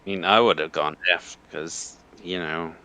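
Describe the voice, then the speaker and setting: A man's voice: low-pitched, fairly even intonation, a little slow, pushed and bright. A man co-hosting a podcast, speaking bluntly and dismissively, with some swearing. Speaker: podcast co-host. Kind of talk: casual comic-book ranking chat.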